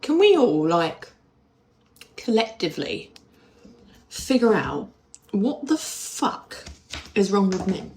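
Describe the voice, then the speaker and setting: Woman, sarcastic exasperated vlog rant, mid pitch. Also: big pitch swings, takes it slowly, pauses often, a little mellow.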